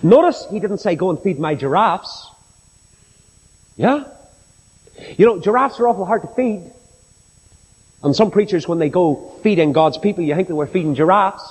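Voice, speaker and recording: A man's voice: sits high, normal speed, pauses often, darkish tone, breathy edge. A man preaching a sermon in a church hall, telling stories in a folksy, humorous way. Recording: long hall reverb.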